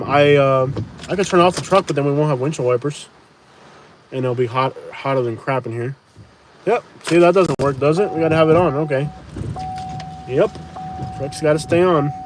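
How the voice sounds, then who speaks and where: A man hosting a casual live stream, reading viewer comments and joking from inside a running truck. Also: a little high. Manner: jokey, laughs often, repeats phrases playfully. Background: engine hum, wind and rain.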